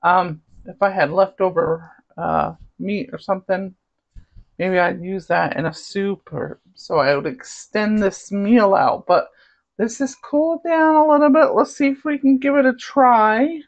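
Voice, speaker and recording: A woman's voice: medium pitch, a little slow, dull audio. A woman with a light Southern US accent, chatting casually as a cooking vlogger, rambling and savoring food aloud.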